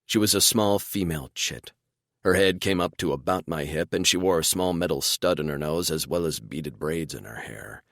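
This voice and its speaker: A man narrating a fantasy romance audiobook in first person, with expressive storytelling. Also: a bass voice, normal speed, dry recording, clean studio sound. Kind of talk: scripted narration.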